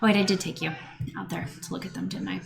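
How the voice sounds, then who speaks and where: A woman's voice: on the low side, fairly even intonation, fast talker, gravelly. A woman baking in her home kitchen, chatting casually and mocking herself, sometimes muttering to herself as she works. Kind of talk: casual cooking vlog.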